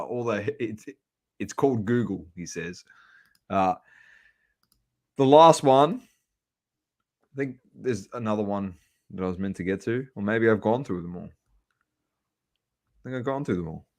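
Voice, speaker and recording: An Australian man hosting a sports podcast, with a somewhat low voice. He teases his co-host and keeps things moving from one segment to the next in an easy, joking way. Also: normal speed, long pauses. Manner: jokey, teasing, runs the segments. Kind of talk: casual sports chat.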